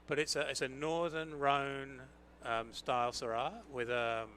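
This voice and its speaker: Bright-voiced winemaker explaining wines. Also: male voice, mid-range voice, little pitch movement, measured pace, slight background noise. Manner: chatty, explanatory, with many fillers. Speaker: winemaker guest. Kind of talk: explaining wine on live radio.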